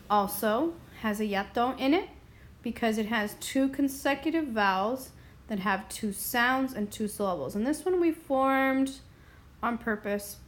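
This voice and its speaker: Slow, deliberate woman teaching a lesson. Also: medium pitch. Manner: slow, deliberate, clears throat often. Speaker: Spanish teacher. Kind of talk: explaining a grammar lesson.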